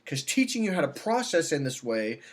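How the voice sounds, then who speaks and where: A man's voice: a little high, big pitch swings, normal speed. A man who works as a dating coach, talking casually in a rambling, salesy way with frequent restarts. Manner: rambling, salesy, repeats himself. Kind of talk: casual self-filmed vlog.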